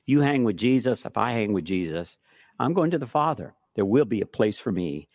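A middle-aged man preaching a sermon, telling stories with emphatic repetition and shifting between hushed and forceful delivery. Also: fairly low pitch, normal speed, dry recording. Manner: storytelling preacher, emphatic repetitions, animated swings from soft to loud. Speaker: pastor.

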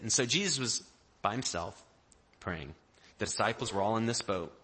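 Bright-voiced man preaching a lively sermon. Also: mid-range voice. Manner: animated, acts out the disciples' panic in quoted voices; conversational, with restarts and small jokes. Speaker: pastor.

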